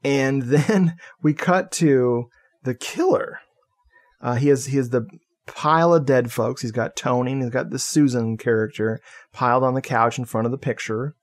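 A man co-hosting a podcast, recapping a horror film in casual chat, excitable and swearing freely. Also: mid-range voice, moderate pace. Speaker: podcast co-host.

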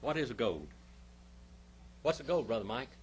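A man's voice: medium pitch, very animated, normal speed. A male pastor teaching a Bible class, emphatic, stopping often to quiz his listeners with questions.

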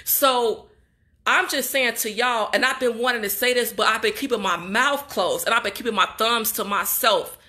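A woman's voice: a little high, moderate pace, pushed and bright. A young woman from Chicago, a graduate student, venting in an upset, emotional vlog straight to her viewers. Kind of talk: casual emotional vlog monologue.

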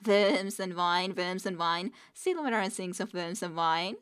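A woman's voice: lowish voice, unhurried, a bit bright, clean tone. A woman voicing a tiny winged jungle creature that babbles in tremulous riddles. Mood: wailing. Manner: babbling nonsense, tremulous, sobbing.

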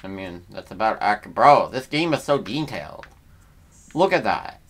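Laid-back low-voiced young gamer guy. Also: big pitch swings, measured pace, a bit bright. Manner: laid-back, slangy, reacts aloud. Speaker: let's player. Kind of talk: casual gameplay commentary.

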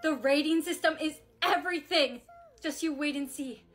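A young woman with a high voice delivers scripted comedy lines. She sounds melodramatic and quick to defend herself. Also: fairly bright tone. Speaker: main character in comedy skits.

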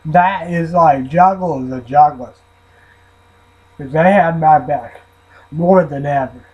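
A man's voice: a little high, slow pace, husky, muffled recording. A man rambling and swearing in a casual vlog, often trailing off into mumbles. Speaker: vlogger reviewing an energy drink.

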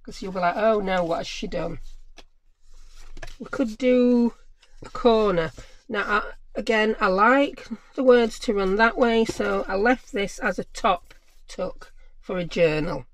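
A woman's voice: mid-range voice, unhurried. Chatty woman crafting. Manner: chatty, muses aloud to herself. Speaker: craft channel host. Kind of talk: casual crafting chat.

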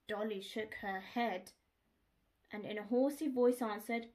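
A woman reading a children's picture book aloud, expressive and speaking to young listeners. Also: a little high, measured pace. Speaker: storyteller.

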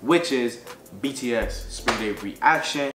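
A man co-hosting a reaction video, relaxed and leading the talk in casual chat. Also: medium pitch, slow pace. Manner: relaxed, leads the segment. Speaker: co-host of a reaction channel. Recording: echoey room with music behind.

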